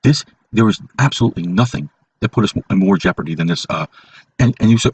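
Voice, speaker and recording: A man's voice: lowish voice, expressive, fast, husky, poor audio. A man hosting a casual monologue podcast, talking emphatically and repeating points for stress. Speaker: podcast host.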